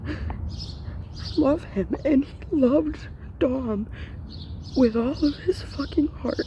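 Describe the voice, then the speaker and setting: A woman's voice: high voice, slow, muffled recording, slight background noise. A young woman ranting to camera, upset and grieving, her voice breaking and dropping to whispers. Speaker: vlogger. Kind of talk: emotional rant to camera.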